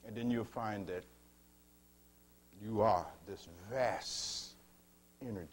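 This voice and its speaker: A man giving a spiritual teaching talk, slow and measured, asking his listeners rhetorical questions and calling them beloved. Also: fairly low pitch.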